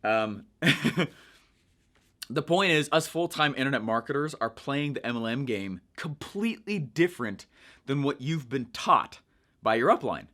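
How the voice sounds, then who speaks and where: A young man coaching viewers in a chatty, energetic way, checking in with "right?" as he explains. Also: medium pitch, a little slow. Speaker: online marketing coach. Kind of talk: casual teaching monologue.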